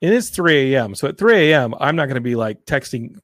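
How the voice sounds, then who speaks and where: A man hosting a casual podcast chat, telling stories with energy and acting out what people said in a higher voice. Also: fairly quick, hardly any pauses, dry recording, studio quality. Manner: animated storytelling, acts out quotes in a higher voice. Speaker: podcast host. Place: Los Angeles.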